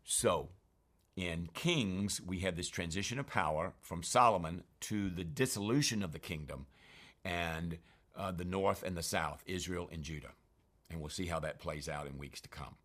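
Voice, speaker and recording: A man's voice: deep voice, moderate pace, a bit bright. A man walking listeners through Bible readings in an earnest, emphatic, informal way, with frequent fillers and restarts. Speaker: Bible teacher. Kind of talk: informal scripture commentary.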